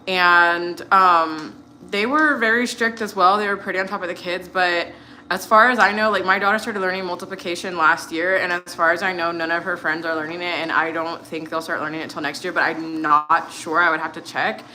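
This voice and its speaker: A woman's voice: on the low side, steady tone, a little fast, bright, forceful tone, slight background noise. An American woman in her thirties, chatting casually while cooking, rambling with lots of fillers. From United States. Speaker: vlogger.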